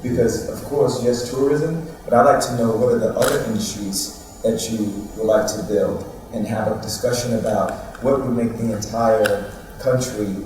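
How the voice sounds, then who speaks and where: A man speaking haltingly in a played news clip, searching for words. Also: medium pitch, a little mellow. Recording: roomy distant clip audio.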